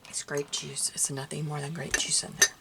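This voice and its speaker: A woman's voice: sits low, flat delivery, a little fast, vocal fry, heavy background noise. An older woman with a Southern US accent talks to herself as she crafts. She sounds tired, sighs often and laughs between sentences. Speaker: craft vlogger. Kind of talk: casual talk while crafting.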